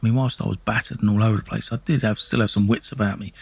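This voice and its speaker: A man's voice: on the low side, steady tone, very fast, creaky, a little mellow, husky, dry recording. Blunt, sweary Essex man telling a story. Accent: Essex English. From England. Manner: blunt, sweary, with many restarts and "you know what I mean". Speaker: storyteller recounting his life. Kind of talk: casual spoken storytelling.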